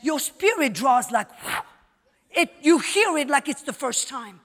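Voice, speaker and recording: A woman's voice: high voice, sing-song, a little slow, a bit bright, in a large hall. A woman Bible teacher preaching a sermon at a live event. She speaks emphatically and repeats her phrases with rising force. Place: large hall at a live event.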